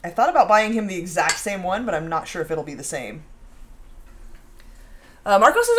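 A woman's voice: lowish voice, sing-song, a little fast, long pauses, fairly bright tone. Chatty woman hosting a baking stream. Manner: chatty, reads out viewer comments. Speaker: baking show host. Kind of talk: casual live-stream chat. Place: home kitchen.

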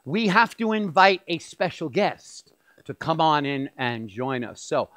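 High-voiced lively man teaching. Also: unhurried, no echo. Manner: lively, chatty with the audience. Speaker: rabbi leading a Seder. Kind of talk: teaching at a Passover meal. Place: church fellowship hall.

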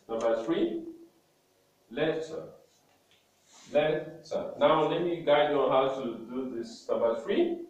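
A male teacher giving a lesson slowly and deliberately, repeating each word for emphasis. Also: mid-range voice. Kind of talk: classroom lesson. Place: classroom. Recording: very echoey classroom, mic far off, faint noise.

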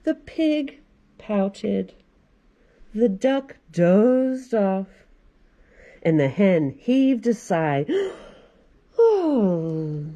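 A woman's voice: medium pitch, big pitch swings, drawn-out words, pauses often, warm tone, highs cut off. A woman in her forties, a children's librarian, reading a picture book aloud in a library with chatty asides to kids. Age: 40s.

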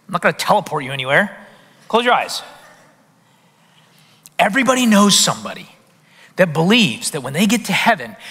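Animated high-voiced preacher in a reverberant hall. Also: male voice. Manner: animated, rhetorical questions to the congregation. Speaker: pastor. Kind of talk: sermon. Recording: long reverb of a large hall.

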